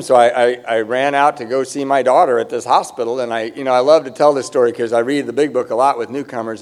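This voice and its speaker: A man's voice: medium pitch, darkish tone. A middle-aged man giving a personal recovery testimony at a conference, conversational and self-mocking, now and then raising his voice for emphasis.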